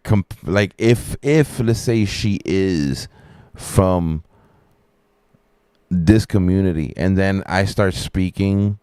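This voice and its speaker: A man's voice: sits low, darkish tone, clear, resonant tone, no room sound, studio quality. A man streaming live, chatting in a rambling, laid-back, profane way. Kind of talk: casual live-stream chat.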